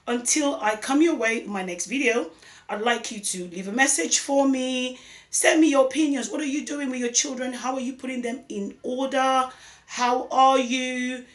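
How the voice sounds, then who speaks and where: A woman from Africa, a parenting vlogger, talking earnestly to camera and putting many questions to her viewers. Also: high voice. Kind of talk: direct-to-camera opinion vlog. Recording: echoey room.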